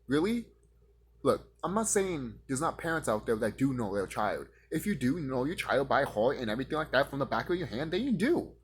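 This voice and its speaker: Man ranting profanely, husky, lively pitch. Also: a little fast, few pauses. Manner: confrontational, swearing, mocking imagined critics in high voices. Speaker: vlogger ranting to camera. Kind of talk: profane conspiratorial rant.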